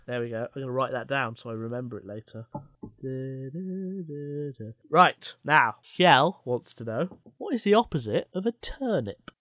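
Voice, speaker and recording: A man's voice: medium pitch, lively intonation, fairly quick, few pauses, pushed and bright, dry recording, clean studio sound. An English man co-hosting a podcast, chatting casually and jokingly with a playful manner. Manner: playful, jokey, laughs often. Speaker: podcast co-host. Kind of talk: casual comedic chat.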